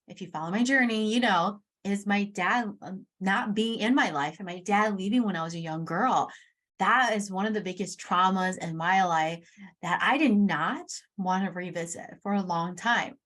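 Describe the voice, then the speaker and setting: Young female podcast host, mid-range pitch; candid, emphatic, casual storytelling. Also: a bit bright. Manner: emphatic, casual, swears now and then.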